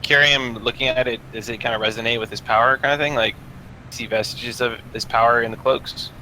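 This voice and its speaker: A man's voice: medium pitch, steady tone, a little fast, pushed and bright, a little hiss or hum, rough recording. A man as a player in a tabletop game, asking questions in a hesitant, casual way.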